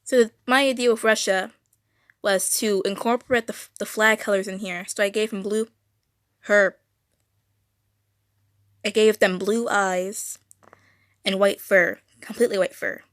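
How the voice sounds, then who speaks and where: A woman's voice: mid-range voice, steady tone, unhurried, long pauses, a bit bright, no room sound, studio quality. Rambling young woman streaming her drawing. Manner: rambling, stuttering, self-correcting. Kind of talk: casual drawing livestream chat. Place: home room.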